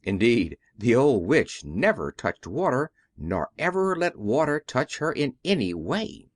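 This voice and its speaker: A man reading a classic children's story aloud as an audiobook narrator, in a measured storytelling way. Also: medium pitch, sing-song, dry recording, clean studio sound. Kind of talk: scripted narration.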